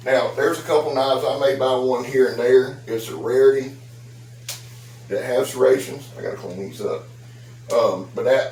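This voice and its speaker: A man's voice: medium pitch, a little mellow, distant mic, slight background noise. A man, chatting folksily in a rambling home vlog about knives, with his dogs around. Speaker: knife reviewer and seller. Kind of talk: casual vlog. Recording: echoey room, voice off-mic.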